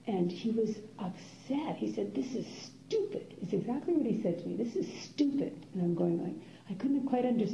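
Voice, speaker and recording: Mellow older woman giving a reflective talk. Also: medium pitch, a little hiss or hum. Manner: unhurried and musing, with soft laughs and many pauses. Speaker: meditation teacher. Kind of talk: reflective dharma talk to a class. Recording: roomy, dull lo-fi room recording.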